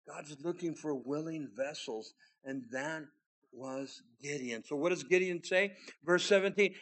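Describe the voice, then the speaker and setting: A middle-aged man delivers a sermon with earnest conviction, his fairly high voice rising on scripture readings and falling soft for asides. He preaches like a pastor walking his congregation through a passage. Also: unhurried.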